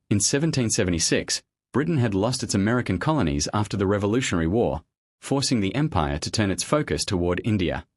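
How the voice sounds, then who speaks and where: A man giving scripted documentary narration in a measured, steady storytelling delivery. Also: lowish voice, no echo, clean studio sound.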